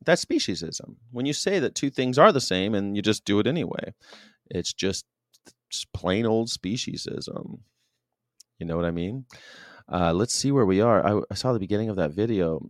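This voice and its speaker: A man with a lowish voice hosts his own show in a loose monologue. He is animated and emphatic and often restarts his phrases. The recording is dry and close, with no room sound. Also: moderate pace, dry recording. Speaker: show host. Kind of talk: casual monologue commentary.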